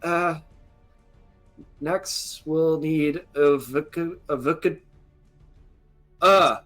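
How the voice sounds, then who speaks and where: A man's voice: on the high side, fairly bright tone, faint music behind, voice pushed up. A man doing a fumbling, hesitant official. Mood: awkward. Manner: halting, full of uh and stumbles.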